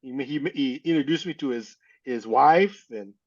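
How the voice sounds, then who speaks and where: A man's voice: mid-range voice, moderate pace, lo-fi sound. A man from California telling a personal story as an interview guest, acting out the people he quotes. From California, USA.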